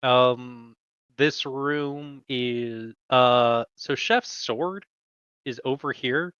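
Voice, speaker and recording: A man narrating a tabletop game as game master, slow and halting with many fillers. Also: medium pitch, a bit bright, clear, resonant tone, dry recording, highs cut off.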